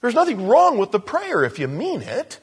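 A man preaching a conversational sermon, swinging between loud emphasis and soft asides. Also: extremely high pitch, wildly swooping pitch, normal speed, husky.

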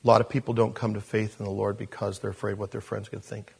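A man preaching a sermon as pastor, swinging between loud emphasis and quiet asides. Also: on the low side, flat delivery, fast talker, vocal fry, breathy edge.

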